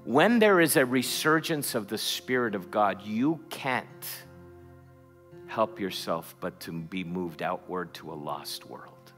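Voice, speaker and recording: A man's voice: lowish voice, big pitch swings, slow, a bit bright, soft background music. A middle-aged man preaching a sermon in a church, telling a story with stammered restarts before building to fervent calls. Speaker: pastor. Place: church sanctuary.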